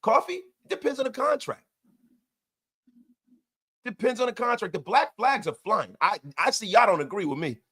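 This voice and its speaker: High-pitched male streamer hosting a post-game fan show, excitable, loud and repetitive. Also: normal speed, pauses often, husky. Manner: excitable, loud, repeats himself, banters with chat.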